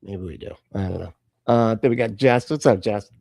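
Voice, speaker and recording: A man's voice: on the low side, normal speed, dark tone, no echo. A man hosting a live reaction stream, talking back at video clips with sarcastic, profane asides. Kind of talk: casual live-stream commentary.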